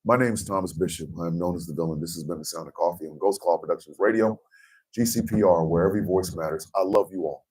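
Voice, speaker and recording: Deep-voiced American man ranting on radio. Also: fast, darkish tone, far from the mic, poor audio. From United States. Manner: emphatic, blunt, profane. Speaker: radio morning show host. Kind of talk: impassioned radio monologue.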